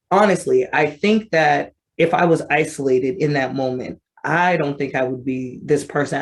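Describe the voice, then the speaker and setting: A woman in her thirties telling her personal story as an advocate, conversational and animated, acting out her remembered thoughts. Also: low voice. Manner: conversational with frequent fillers. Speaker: vitiligo advocate.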